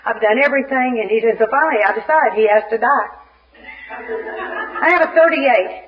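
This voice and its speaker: A woman's voice: a little high, a little fast. A woman from Arkansas giving a humorous personal share at a recovery meeting, acting out scenes as she talks. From Little Rock, Arkansas. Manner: animated, comic storyteller who acts out scenes. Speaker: speaker at a recovery fellowship meeting. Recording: dull lo-fi archive tape.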